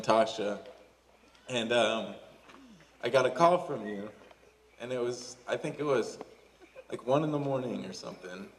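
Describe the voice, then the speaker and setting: Emotional young man giving a halting wedding toast. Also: mid-range voice. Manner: halting, emotional, full of fillers and "you know". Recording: distant camera, crowd noise behind.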